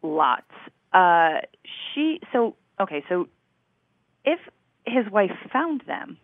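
A podcast co-host in casual chat, hesitant and measured, often restarting sentences. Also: mid-range voice, big pitch swings, no echo. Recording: tinny phone-like line.

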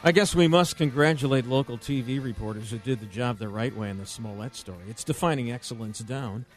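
A man co-hosting a talk radio show, joking and sarcastic in quick banter. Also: mid-range voice, soft background music. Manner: sarcastic, animated, jokey. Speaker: radio co-host.

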